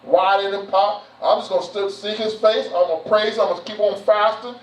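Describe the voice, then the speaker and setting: High-voiced man preaching in an echoey hall. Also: steady tone, a little fast. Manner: folksy, repetitive, frequent "you know" and "man". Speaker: church elder. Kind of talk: informal church address. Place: church hall. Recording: roomy, distant, dull sound.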